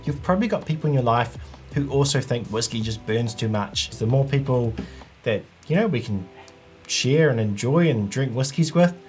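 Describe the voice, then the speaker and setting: A man talks straight to camera in a relaxed vlog explainer. He is chatty and conversational, with a middling pitch. Soft music plays faintly underneath. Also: normal speed. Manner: chatty, conversational, with frequent "like" and "you know". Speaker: whisky channel host.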